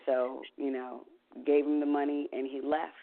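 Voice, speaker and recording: A woman's voice: rumbling low, little pitch movement, moderate pace. A woman giving a candid, emotional account in an interview. She swears casually and trails off into fillers. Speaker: interview guest. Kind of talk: candid personal storytelling. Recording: tinny phone-like sound.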